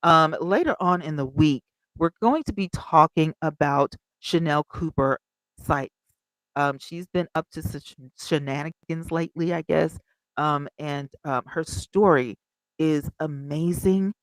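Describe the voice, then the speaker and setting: A woman's voice: deep voice, unhurried, no room sound, rough recording. A woman host from Alabama, chatting casually on a livestream, reading viewer comments aloud and laughing often. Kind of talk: casual live chat commentary.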